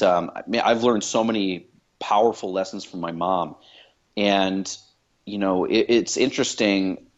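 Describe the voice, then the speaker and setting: A man's voice: fairly low pitch, highs cut off. A man talking as a podcast guest, thoughtful and reflective, with many fillers and restarts. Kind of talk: reflective conversation.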